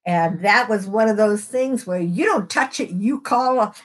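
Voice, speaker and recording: A woman's voice: medium pitch, normal speed. A middle-aged woman co-hosting a live podcast, chatting casually and telling stories with little repeats. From western United States. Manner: chatty storyteller, repeats words while telling anecdotes. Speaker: podcast co-host. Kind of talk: casual chat.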